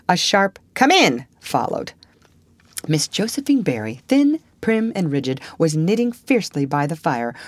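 A woman narrating a storybook in a measured, expressive way. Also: low-pitched, no room sound. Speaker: audiobook narrator. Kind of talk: scripted narration.

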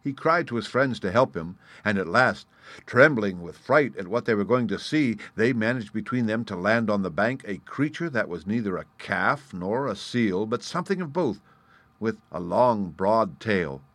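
A man reading a folk tale aloud as an audiobook narrator, in a measured, expressive storytelling manner. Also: lowish voice, no echo. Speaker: audiobook reader.

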